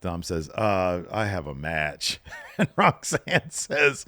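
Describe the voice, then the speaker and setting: A deep-voiced man recaps wrestling on a casual podcast, swinging his pitch up and down as he retells the action. The sound is dry and close. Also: a little slow, no echo. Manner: lively storytelling, mimics wrestlers' lines. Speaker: podcast co-host.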